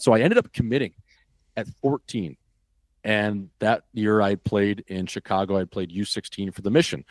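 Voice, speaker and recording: A man from Wisconsin tells a story as a podcast guest, animated and full of profanity. His voice sits low, and the recording is dry and close. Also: no echo. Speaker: podcast guest, former hockey player. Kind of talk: casual storytelling.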